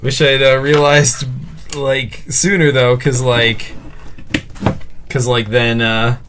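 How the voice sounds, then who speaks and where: A man's voice: mid-range voice, flat delivery, slow pace, background noise. A man playing in a stream game, polite and hesitant, with many "uh"s. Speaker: player. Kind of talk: casual stream chat and role-play.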